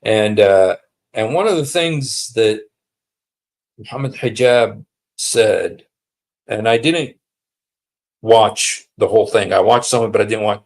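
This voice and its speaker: A man's voice: lowish voice, measured pace, creaky, long pauses. A man hosting a casual livestream, talking in a sarcastic, mocking way and repeating himself for emphasis. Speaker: livestream host.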